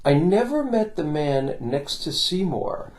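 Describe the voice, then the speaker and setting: A man hosting a casual talk while filming, speaking in a quiet, laid-back way. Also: a little high, very animated, a little slow. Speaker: host filming a painter.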